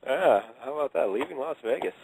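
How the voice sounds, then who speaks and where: A man's voice: medium pitch, expressive, gravelly, a little mellow, husky, rough recording. A man hosting a casual radio chat show who teases his co-hosts and keeps laughing. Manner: quick, giggly, teasing.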